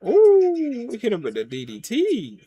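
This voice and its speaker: A man giving casual live reaction commentary while watching a wrestling show, swinging from loud excited yelps to low mutters in easygoing slang. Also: brisk, husky. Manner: casual slang, talks to himself and the chat. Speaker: wrestling watch-along reviewer.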